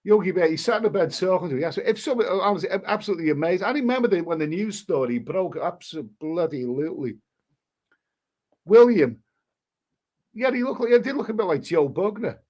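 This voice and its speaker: A man's voice: sits high, lively intonation, fast talker, a little mellow. A man hosting a live stream, reading a story aloud in a casual way and breaking off to answer the chat.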